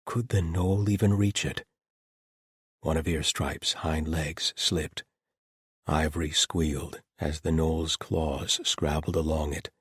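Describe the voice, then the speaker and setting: A man narrating a fantasy audiobook in a steady storytelling manner. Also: very deep voice, breathy edge, no room sound, studio quality.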